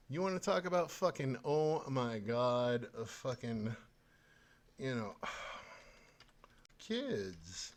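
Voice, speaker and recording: A male podcast host in a furious, profane rant. He curses constantly and talks in a scornful, heated way. His voice sits at an ordinary middle pitch. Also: expressive, takes it slowly, long pauses. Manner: angry, swearing, scornful.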